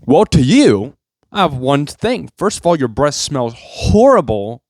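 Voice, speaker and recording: A man's voice: very animated, measured pace, a little mellow, no room sound, clean studio sound. A man delivering a sarcastic, rambling comedic rant to his viewers. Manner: sarcastic, rambling, jumpy pitch. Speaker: vlogger.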